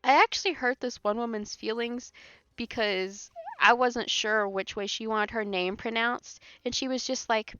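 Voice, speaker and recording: A woman's voice: a little high, fairly even intonation, moderate pace, bright, forceful tone, clean tone, dry recording. A woman streaming a game, chatting casually, rambling with lots of fillers and laughing often. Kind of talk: casual chat while playing a game live. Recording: dry, slightly muffled with faint music.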